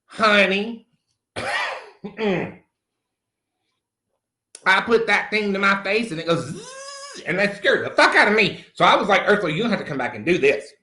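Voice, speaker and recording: A man's voice: sits high, huge pitch swings, a little slow, pauses often, pushed and bright, full character voice. A middle-aged man playing a crude, brash country man, cursing freely and calling everyone honey. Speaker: comedy character host. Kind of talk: improvised comic monologue. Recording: roomy echo.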